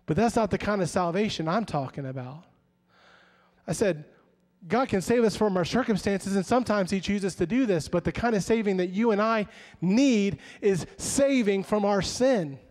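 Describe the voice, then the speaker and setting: A man's voice: sits high, expressive, moderate pace, a little mellow. A man preaching a sermon as pastor, retelling conversations and acting out the voices of the people he quotes. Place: church sanctuary. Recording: long church hall reverb.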